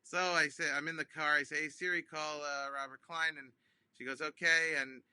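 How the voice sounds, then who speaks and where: A comedian, a man, telling a funny phone-call story in an animated way, with many ums and restarts, acting out both sides. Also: a little high, normal speed, clean tone, no echo. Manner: acts out both sides of phone calls with big voice jumps. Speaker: comedian guest.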